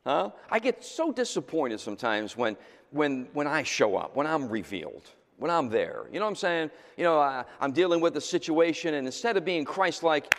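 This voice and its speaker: Lively male preacher, voice jumps up and down a lot, chatty then loud then hushed, big echoey church. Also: on the high side, normal speed. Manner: animated, conversational, swings from loud exclamations to quiet asides. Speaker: pastor. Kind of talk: sermon. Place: church sanctuary. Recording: reverberant church hall.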